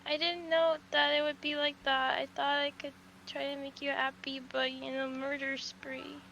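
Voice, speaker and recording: A woman's voice: sits high, little pitch movement, normal speed, creaky, bright, forceful tone, a little hiss or hum. A woman playing a game with others, talking in a hesitant, apologetic and pleading way over voice chat. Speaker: fellow player in voice chat.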